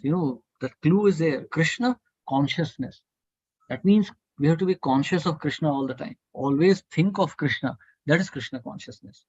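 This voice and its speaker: A man teaches a devotional scripture study class in an earnest, provocative way, repeating his points to push listeners to think. His voice is husky and sits a little high. The sound is dry and muffled, like an online call. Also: no room sound. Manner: earnest, provocative, repetitive urging. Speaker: study group speaker.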